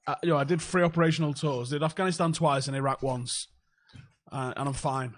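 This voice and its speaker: A man's voice: on the high side, steady tone, brisk. Guy in his 30s, blunt and sweary, dry jokes, chatting casually over a football match. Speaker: co-host of a football fan stream. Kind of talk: casual chat, reading viewer comments.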